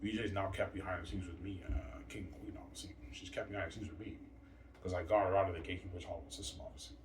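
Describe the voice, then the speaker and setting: A man's voice: deep voice, fairly even intonation, fast talker. A man rambling in a long monologue, repeatedly tacking "man" onto his sentences. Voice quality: repetitive, trails off with "man". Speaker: vlogger. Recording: roomy, distant from mic, faint noise.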